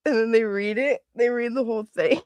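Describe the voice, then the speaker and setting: A woman's voice: on the high side, normal speed, darkish tone, clear, resonant tone, dry recording. A woman hosting a casual livestream, chatting and laughing often as she greets viewers by name. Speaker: livestream host.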